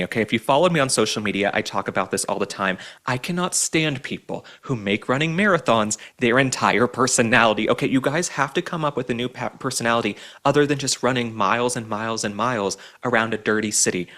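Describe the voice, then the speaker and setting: A man's voice: mid-range voice, bright, forceful tone. Sarcastic, theatrical man hosting commentary. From Dallas, Texas. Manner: sarcastic and theatrical, with frequent asides. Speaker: political commentary host. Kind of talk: opinionated commentary monologue.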